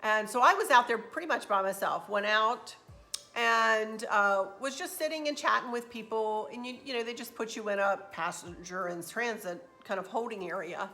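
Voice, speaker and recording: A woman's voice: on the high side, normal speed, sharp tone. A woman hosting a casual travel recap vlog, a chatty, rambling storyteller who gets emotional as she talks. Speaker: craft channel host.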